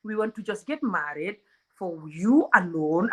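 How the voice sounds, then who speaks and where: A woman's voice: lowish voice, expressive, a little slow, fairly bright tone, breathy edge. A woman from Africa hosting a comedic relationship talk, blunt and outspoken, often laughing. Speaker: host.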